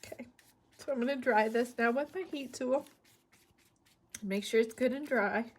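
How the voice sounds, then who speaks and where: A woman's voice: on the high side, moderate pace. A woman hosting a casual craft tutorial, chatting and explaining each step as she works. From Northeast Ohio. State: emotional, voice dropping low. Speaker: crafting channel host.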